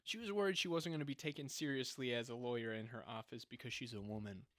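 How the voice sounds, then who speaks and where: A man's voice: mid-range voice, fast talker. A young man co-hosting a podcast, talking casually and sarcastically, often breaking into laughter as he mocks what he describes. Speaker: podcast co-host. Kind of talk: casual chat.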